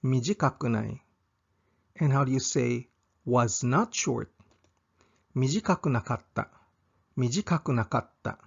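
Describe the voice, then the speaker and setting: A man teaching a language lesson, saying each example slowly and repeating it twice. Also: medium pitch, gravelly, breathy edge, dull audio.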